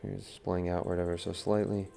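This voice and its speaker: A man demonstrates throwing pots and explains each move as he makes it. His voice is low and gravelly. He drops to a murmur to count his pulls, with faint music behind him. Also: flat delivery, a little fast, dark tone. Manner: talks through each step while working, counts pulls under his breath. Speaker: pottery instructor.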